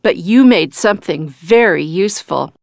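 A woman voicing a proud craftsman father in a slow storybook reading. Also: fairly low pitch, vocal fry, dry recording, studio quality. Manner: proud, lively storybook delivery. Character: proud craftsman father, warm-hearted man.

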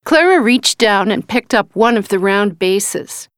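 A woman narrating a storybook with slow, deliberate pacing and a mid-range voice. The sound is dry and close, with no room around it. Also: medium pitch, lively intonation, no echo. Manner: slow, careful, clear reading. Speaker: reader. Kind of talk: storybook reading.

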